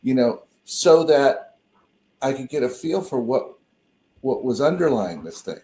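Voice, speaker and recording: A man's voice: medium pitch, very animated, a little slow, dark tone. Echoey man rambling on a call. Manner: rambling, self-interrupting storyteller. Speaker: co-host and minister. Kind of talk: casual conversation on a call. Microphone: video call.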